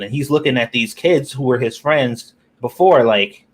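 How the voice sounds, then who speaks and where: A man joins a casual discussion as a guest, easygoing and quick to joke. His voice sits at an average pitch.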